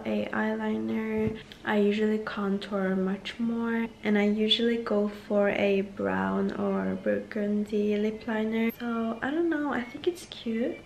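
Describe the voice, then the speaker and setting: A woman's voice: medium pitch, creaky, darkish tone, distant mic, slight background noise. A young woman vlogging casually while getting ready, chatty and self-mocking, slipping into whispers now and then, and a bit sick with a cold. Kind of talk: casual vlog chat. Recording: roomy echo, camera set back.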